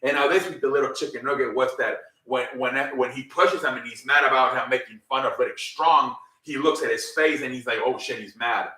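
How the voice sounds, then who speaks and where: A man's voice: mid-range voice, a little fast, hardly any pauses, pushed and bright. A man casually recapping a wrestling show, rambling with lots of fillers and swearing freely. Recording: roomy, mic at a distance.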